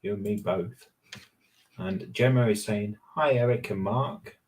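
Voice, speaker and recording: A man's voice: on the low side, unhurried, a little mellow. A man, co-hosting a casual live chat stream and teasing his co-host. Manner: teasing, jokey. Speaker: livestream co-host.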